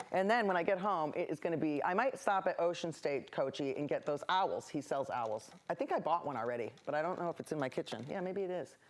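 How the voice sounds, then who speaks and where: A woman hosting a local TV painting show, chatting in rambling, cheerful tangents as she paints. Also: low voice. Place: local access TV studio.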